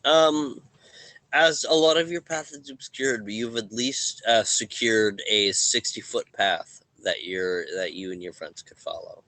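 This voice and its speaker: Male game master, very low voice, slow and halting, forceful tone, dry close sound. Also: rough recording. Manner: halting, pausing narration. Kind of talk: narrating a tabletop game.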